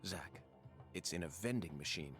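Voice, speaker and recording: An eccentric, musing agent. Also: male voice, expressive, normal speed, over music. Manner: musing, oddly formal, leaps in pitch. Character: eccentric male FBI agent, musing and theatrical. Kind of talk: video game dialogue.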